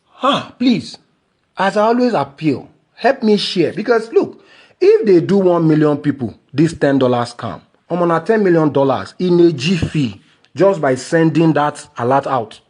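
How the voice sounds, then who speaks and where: A man's voice: a little high, lively intonation, measured pace, darkish tone. Indignant Nigerian man ranting on a podcast. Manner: indignant, mixing Nigerian Pidgin into English. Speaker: podcast host. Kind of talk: angry solo podcast rant.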